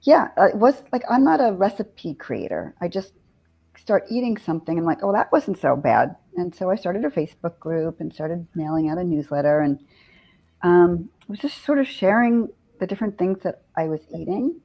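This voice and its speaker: A woman's voice: lowish voice, normal speed. A woman guest in a casual interview, talking animatedly and quoting herself as she chats about cooking. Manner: chatty, animated, quotes herself with laughs. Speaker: guest, vegan cooking teacher.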